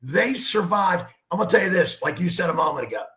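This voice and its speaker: A man's voice: high voice, quick pace, reverberant. A man, a basketball coach, telling stories and giving emphatic sports analysis on a talk show. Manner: animated storyteller, emphatic.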